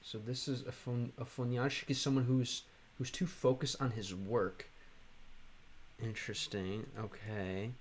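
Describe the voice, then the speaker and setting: A young American man chatting on a live stream, reading chat aloud and working through halting Russian with lots of fillers. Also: medium pitch, level tone. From United States.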